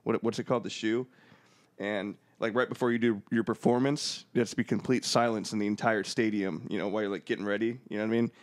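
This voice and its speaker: A man's voice: on the low side, fast talker. Casual Ohio-raised male podcast host. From Ohio, USA. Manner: animated, acts out quoted voices. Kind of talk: casual profane storytelling.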